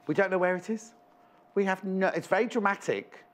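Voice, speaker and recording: A man's voice: sits high, brisk, fairly bright tone. A man presenting a live shopping show in a studio, chatty and rambling with jokey asides.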